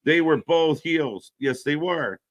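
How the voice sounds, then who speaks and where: A man's voice: fairly high pitch, slow, no echo. A man co-hosting a wrestling live stream, in casual, profane chat that reacts to the action and answers viewers.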